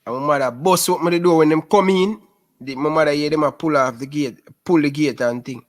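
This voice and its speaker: A man in his twenties with a Jamaican Patois accent, a guest telling lively stories in a casual interview. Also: fairly high pitch, fairly quick. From Rema, Jamaica. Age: 20s. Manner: lively storyteller who keeps calling the host "sis".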